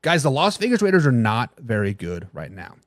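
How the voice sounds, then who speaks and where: A man's voice: very animated, brisk, no room sound, clean studio sound. A man hosting a live NFL talk stream, brash and opinionated, reading fan comments and answering them directly. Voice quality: high, twangy voice. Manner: brash, opinionated, talks straight to chat. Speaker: sports talk show host.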